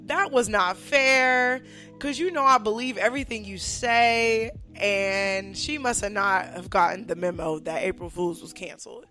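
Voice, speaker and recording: A woman's voice: medium pitch, unhurried, pushed and bright, faint music behind. A young woman hosting a podcast in casual chat, a little drunk, laughing often and swearing freely. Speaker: podcast host.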